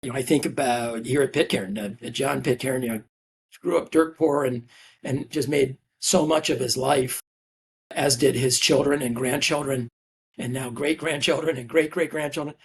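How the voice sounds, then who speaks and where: Speaking at a moderate pace in a medium-pitched voice, a man who heads a family office joins a podcast as a guest. The conversational interview finds him earnest, with frequent fillers and restarts.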